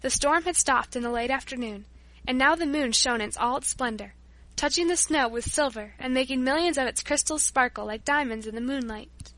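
Brief: a woman narrating a story, bright high voice, measured and steady. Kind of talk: scripted narration.

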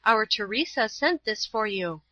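An earnest, kind young woman who pleads warmly and eagerly, as a woman reader voices her. The voice is bright and high. The recording is dry and somewhat dull. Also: expressive, measured pace, no room sound. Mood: earnest, pleading.

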